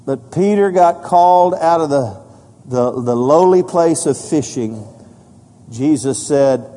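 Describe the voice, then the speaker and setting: A pastor preaches a sermon, reading scripture with rising emphasis and dropping low and soft for solemn points. His delivery is slow with lively intonation, and the recording has hall reverb.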